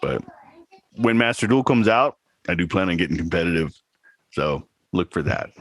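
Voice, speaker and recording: A man's voice: low-pitched, expressive, moderate pace. A man in his thirties, a podcast co-host, chatting casually and telling a rambling story with laughs. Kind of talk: casual chat.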